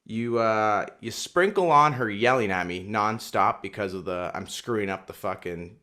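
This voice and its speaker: A young man co-hosting a podcast, telling a story in casual chat, swearing a lot and getting loud and worked up as he quotes himself. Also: lowish voice, moderate pace. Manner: animated storyteller, swears constantly, gets loud and heated when quoting himself. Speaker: podcast co-host.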